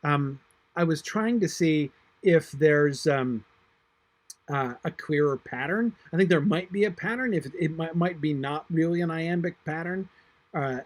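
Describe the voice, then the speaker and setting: A man teaching a literature class, reading verse aloud slowly and thinking aloud with many fillers and restarts. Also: a little high. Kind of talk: online class discussion of a poem.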